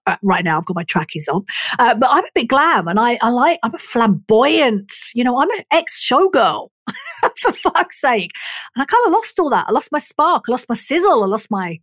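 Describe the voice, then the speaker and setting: A middle-aged woman, a talk therapist telling her personal story in a frank, expressive way and swearing freely. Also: on the high side, moderate pace, no room sound. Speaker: talk therapist and body worker.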